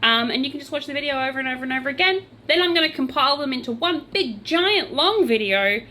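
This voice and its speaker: Aussie woman vlogging, loud and bubbly, pokes fun at herself, kinda high bright voice. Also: expressive, fast. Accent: Australian. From Australia. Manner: loud, bubbly and self-mocking. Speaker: crochet and true crime vlogger. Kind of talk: casual chat to camera.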